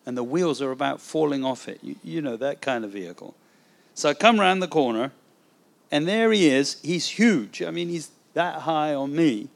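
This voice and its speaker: Gravelly-voiced man preaching a testimony. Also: a little high, moderate pace. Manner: animated storyteller who acts out the dialogue. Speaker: evangelist. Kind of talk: sermon testimony storytelling.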